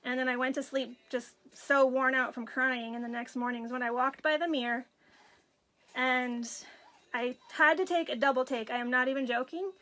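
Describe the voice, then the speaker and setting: A woman's voice: sits high, fairly even intonation, normal speed, bright, forceful tone. A woman in her forties telling a personal story while tearful, acting out what others said. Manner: emotional, tearful storytelling with quoted dialogue. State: crying, runny nose. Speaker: craft vlogger. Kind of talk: personal story on a live video.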